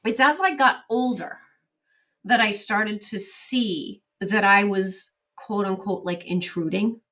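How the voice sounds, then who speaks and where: A middle-aged woman in an interview, recounting her experiences with lively energy and playing out both sides of old conversations. Her voice sits at an ordinary pitch for a woman. She is set a little back from the microphone, so the sound is slightly distant. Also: takes it slowly. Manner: animated storyteller, acts out quoted exchanges. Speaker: interview guest. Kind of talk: casual interview storytelling.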